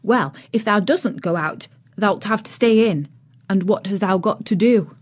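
A woman's voice: mid-range voice, measured pace, slightly rough. A woman voicing a cheerful, chatty young serving girl, homely and outspoken.

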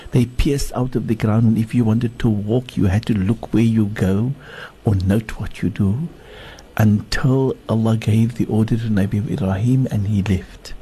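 Sheikh slowly telling a story, husky mellow voice, lots of restarts. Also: male voice, fairly low pitch, fairly even intonation. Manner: slow, halting, with many restarts and repeated words. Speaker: sheikh, guest speaker. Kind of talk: storytelling sermon.

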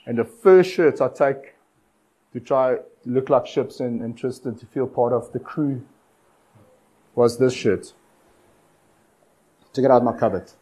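A man preaching a sermon, urging his listeners with repeated phrases and dramatic pauses. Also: medium pitch, mellow, husky, low-quality recording. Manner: exhortative, repetitive cadence with dramatic pauses.

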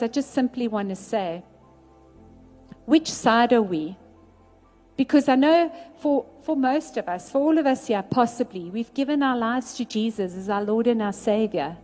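A woman with a fairly high voice preaches a sermon, earnest and deliberate. She slows right down to press on key words. Soft music plays faintly underneath.

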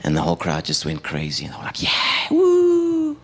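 A young South African man with a low voice doing stand-up comedy on a live stage. He talks conversationally with the crowd and pokes fun at himself. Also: completely flat delivery, racing, slightly rough. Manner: self-deprecating, conversational with the audience. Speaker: stand-up comedian and radio producer.

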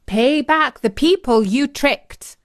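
A woman voicing a gruesome walking wooden statue that chants slow, stern commands in a storybook. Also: sits high, voice pushed up. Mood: commanding.

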